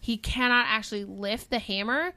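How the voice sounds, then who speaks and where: A woman's voice: fairly high pitch, normal speed, dry recording. A woman co-hosting a casual movie discussion podcast, talking with enthusiasm. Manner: enthusiastic, animated. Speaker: podcast co-host.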